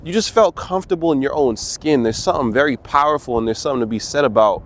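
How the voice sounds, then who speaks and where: A man's voice: medium pitch, fast talker. A young man talking straight to his viewers in a casual, earnest way, often calling them "bro". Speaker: vlogger. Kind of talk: casual motivational talk to camera.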